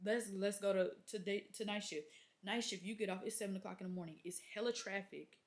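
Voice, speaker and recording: A woman's voice: medium pitch, quick pace. Exasperated young woman ranting to camera. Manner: exasperated, animated storytelling with acted-out quotes. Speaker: labor and delivery nurse, vlogger. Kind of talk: casual venting rant to camera.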